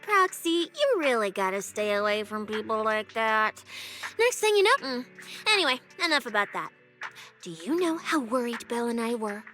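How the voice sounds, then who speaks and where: A woman's voice: fairly high pitch, sing-song, moderate pace, sharp tone. An actress voicing Cecilia, a playful, food-loving young female public security specialist in a video game, teasing and joking as she talks. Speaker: game character. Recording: game audio with music behind.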